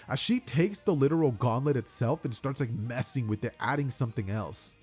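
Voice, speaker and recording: A man's voice: medium pitch, fairly quick, few pauses, darkish tone, husky, faint music behind. A young man casually narrating a fan-made story in a rambling, slangy way.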